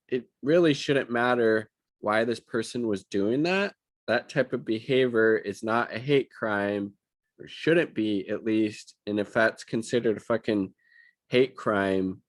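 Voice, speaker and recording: Man, lowish voice, angry profane news commentary, sarcastic, dry close recording. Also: no echo. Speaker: political commentator.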